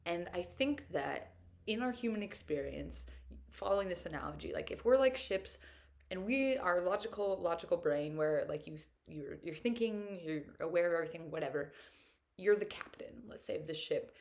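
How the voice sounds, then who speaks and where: A woman's voice: fairly low pitch, animated, normal speed, creaky, darkish tone. A young woman talking to camera in a casual reflective monologue, chatty and upbeat, full of filler words and open about her feelings. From United States. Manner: earnest and openly emotional at times. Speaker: vlogger.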